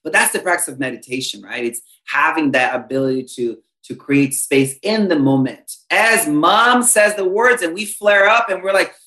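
Bright-voiced man teaching with emphatic fervor. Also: fairly high pitch, moderate pace, few pauses. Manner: emphatic, earnest, teacherly, with bursts of exclamation. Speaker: spiritual teacher guest. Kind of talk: podcast conversation.

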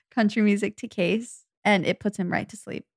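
A woman co-hosting a podcast, chatting in an animated, gossipy, teasing way. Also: mid-range voice, normal speed, no room sound, studio quality. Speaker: podcast co-host. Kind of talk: casual chat.

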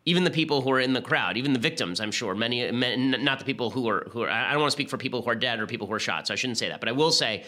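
A man hosting a podcast, delivering an argumentative political commentary monologue with quick restarts. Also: medium pitch, sharp tone. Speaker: podcast host.

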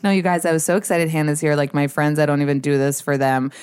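A woman's voice: low-pitched, little pitch movement, fast talker, a little mellow, clear, resonant tone, dry recording. Chatty young woman host. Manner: chatty, laughs often, lots of fillers. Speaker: podcast host. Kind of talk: casual chat.

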